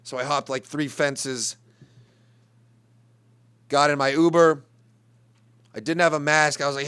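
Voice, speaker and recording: A man's voice: on the high side, steady tone, measured pace, long pauses, fairly bright tone, clear, resonant tone. A young man telling a profane, rambling comic story in an exasperated ranting manner. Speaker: comedian. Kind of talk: comedic monologue.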